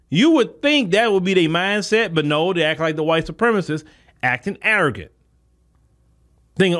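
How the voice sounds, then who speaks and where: A man's voice: sits high, big pitch swings, moderate pace, a bit bright. A man hosting a podcast, talking in a casual, emphatic monologue straight to his listeners. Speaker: podcast host.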